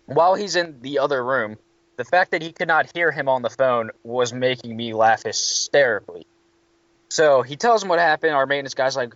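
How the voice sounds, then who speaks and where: Animated storytelling man, dry lo-fi sound. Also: medium pitch, normal speed, no room sound. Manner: animated, swearing, quoting others in raised voices. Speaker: hotel worker telling a story. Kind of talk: casual storytelling chat.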